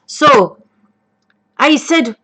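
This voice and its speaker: In a comedic improvised chat, a woman plays a foul-mouthed elderly grandmother telling a story, rambling off topic, swearing constantly and sounding gossipy. She speaks very slowly with a sharp tone, and the recording quality is low.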